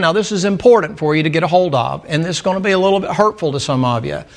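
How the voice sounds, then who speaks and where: Folksy middle-aged preacher, a man with a slightly high voice, homespun jokes in a sermon. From American mountain region. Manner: folksy, storytelling, humorous asides. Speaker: pastor.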